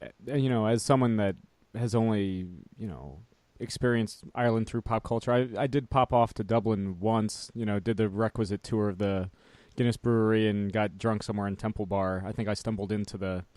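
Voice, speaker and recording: A man's voice: lowish voice, steady tone, a little fast, a little mellow, dry recording. Casual podcast host, a man: jokey, meandering questions, dry close mic. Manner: chatty, jokey, hesitant questions. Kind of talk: casual interview chat.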